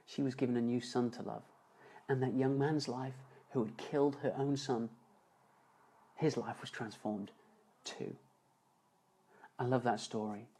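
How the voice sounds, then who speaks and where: A man telling an emotional story as a motivational speaker on a live stream, earnest, slowing and dropping softer for emphasis. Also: mid-range voice, steady tone, slightly rough, rough recording. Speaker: motivational speaker and seminar founder. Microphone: phone or webcam on a live stream.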